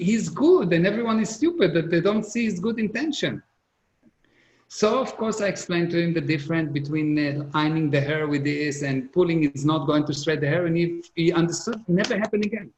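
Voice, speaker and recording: A man's voice: fairly high pitch, animated, moderate pace. Earnest middle-aged man in roomy hall. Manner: earnest, repetitive emphasis, non-native English grammar. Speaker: business speaker. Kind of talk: motivational seminar talk. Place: conference hall.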